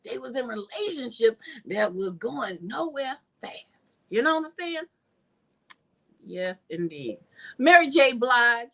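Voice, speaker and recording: Lively high-voiced chatty woman. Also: takes it slowly. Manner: lively, chatty, addresses viewers as y'all, laughs. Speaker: channel host. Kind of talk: casual commentary.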